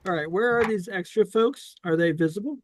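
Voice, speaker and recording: A man playing in a tabletop game, relaxed and a bit hesitant as he talks. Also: high voice, fairly quick, slight background noise. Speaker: player.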